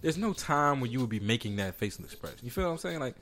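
A man's voice: medium pitch, big pitch swings, fast, fairly bright tone. A man hosting a casual podcast, joking around and reading news stories aloud to his co-host.

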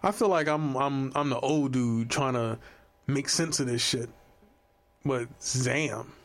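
A man in casual, swearing banter, animated and jumping up in pitch when excited. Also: slow pace.

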